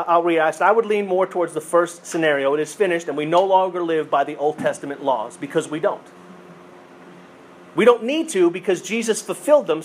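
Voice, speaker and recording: A man's voice: fairly high pitch, slight background noise. Conversational man preaching a sermon. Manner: conversational teaching with repeated phrases and self-corrections. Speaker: pastor.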